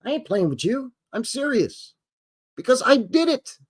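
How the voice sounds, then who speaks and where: A man's voice: extremely high pitch, sing-song, normal speed, breathy edge. A man hosting a casual livestream, rambling and joking as he acts out little voices. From Canada. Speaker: livestream host.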